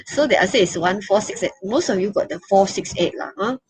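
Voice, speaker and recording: Malaysian woman teacher, online class, mid pitch, chatty and coaxing. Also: a little fast, breathy edge, low-quality recording. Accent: Malaysian English. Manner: coaxing, chatty, uses "lah" and speaks of herself as teacher. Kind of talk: online English lesson.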